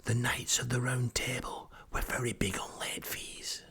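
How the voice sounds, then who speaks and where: A man's voice: mid-range voice, flat delivery, unhurried, slightly rough, heavily acted. A man whispering as a secretive old librarian lady. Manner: whispers everything, hushed and conspiratorial. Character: whispering older retired woman librarian, secretive.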